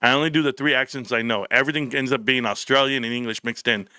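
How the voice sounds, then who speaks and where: A man's voice: medium pitch, steady tone, quick pace, hardly any pauses, sharp tone, clean tone, no room sound, studio quality. A man hosting a casual live stream, joking, rambling and swearing freely as he talks to viewers by name.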